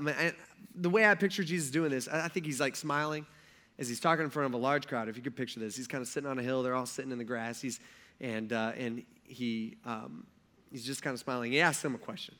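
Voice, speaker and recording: A man preaching a sermon in a casual, conversational way, acting out quotes as he talks. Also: medium pitch. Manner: conversational and animated, acts out quotes. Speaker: pastor.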